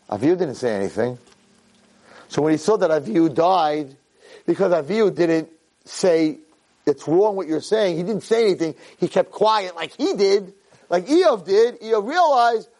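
A middle-aged man, a rabbi, giving a lively Torah lecture to a class and acting out the voices in his stories. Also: fairly high pitch, normal speed. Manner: animated storyteller who acts out voices and cries out quoted lines.

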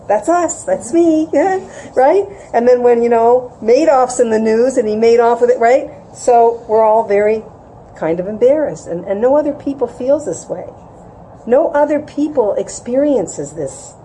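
A middle-aged woman gives a relaxed religious class to a room, her voice mellow and warm. She talks conversationally, checks in with "right?", and acts out little quoted voices. A faint noise sits behind her. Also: low-quality recording. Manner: conversational, asks "right?" often, acts out quotes with rising pitch. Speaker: Jewish women's class teacher. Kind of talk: informal religious lecture. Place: room with an audience.

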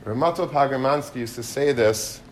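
A man's voice: medium pitch, normal speed, slight background noise. A man giving an informal sermon, telling stories with energy and building into passionate exhortation. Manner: animated storyteller, rising to passionate exhortation. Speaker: rabbi giving a Torah talk.

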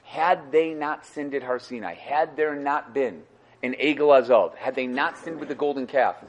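A man with a mid-range voice teaches a Torah class at a moderate pace, walking students through sources with rhetorical questions and repeated phrases. His talk is lively and explanatory. The recording has its highs cut off and carries a little hiss or hum.

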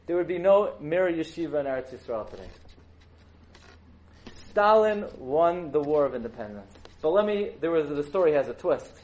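A man delivers a storytelling sermon to a live audience, animated and joking, often asking the listeners questions. His voice is fairly high-pitched, and the audio is poor.

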